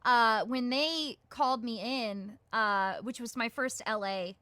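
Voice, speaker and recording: A young woman with a Southern accent talks in a bubbly, rambling interview style, tripping over fillers and restarts. Her voice sits fairly high and rings bright. The sound is close and dry. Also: slow pace, no echo. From Georgia, US. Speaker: guest voice actress. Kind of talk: casual interview chat.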